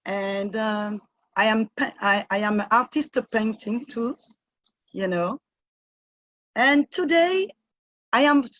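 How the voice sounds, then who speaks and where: A woman from Martinique with a French accent, speaking halting, earnest English as a guest singer on a video call. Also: a little high, no echo, muffled recording. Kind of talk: online event performance.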